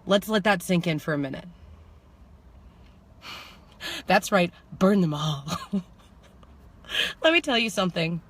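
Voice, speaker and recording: A woman telling a personal story in a vlog, animated and laughing, swinging between slow reflective lines and fast excited bursts that rise into shouts. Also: fairly low pitch. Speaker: spiritual manifestation coach.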